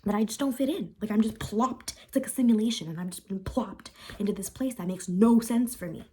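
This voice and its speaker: A woman's voice: mid-range voice, fairly quick, mellow, breathy edge. A young woman talking candidly and upset in a confessional vlog, rambling and repeating herself. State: upset and frustrated. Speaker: vlogger.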